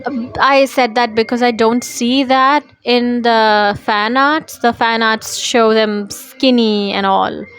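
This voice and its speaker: A woman's voice: a little high, fairly even intonation, takes it slowly, a bit bright, smooth, faint music behind. A woman reading a novel aloud and breaking off for casual, opinionated asides to her listeners. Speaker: book reader.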